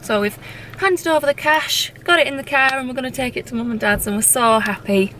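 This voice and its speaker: A woman chatting casually to camera in a vlog, emotional and quick to laugh, with lots of "like"s. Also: sits high, bright, forceful tone, a little hiss or hum. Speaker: vlogger.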